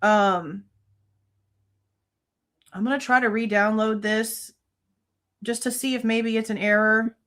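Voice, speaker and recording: A woman's voice: fairly high pitch, fairly even intonation, takes it slowly, pauses often, fairly bright tone. A woman in her thirties hosting a true crime livestream, venting angrily with frequent swearing in casual commentary.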